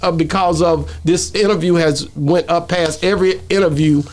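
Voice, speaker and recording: A man with a high-pitched voice hosts a casual interview. He talks in a loose, slangy way and puts his questions to his guest informally, with the repeated starts of everyday speech. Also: fairly even intonation, normal speed. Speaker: host.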